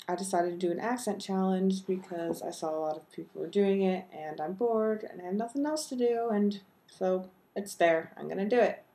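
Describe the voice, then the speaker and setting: A woman from Texas with no regional accent, chatting casually to camera in a low-key, self-deprecating way and hesitating often. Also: warm tone. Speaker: video blogger. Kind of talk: casual chat and word-list reading.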